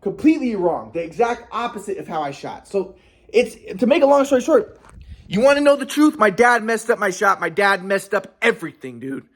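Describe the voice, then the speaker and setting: High-voiced man rambling casually. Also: very animated, brisk. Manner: rambling, repeats himself, curses. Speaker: vlogger telling a personal story. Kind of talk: casual monologue.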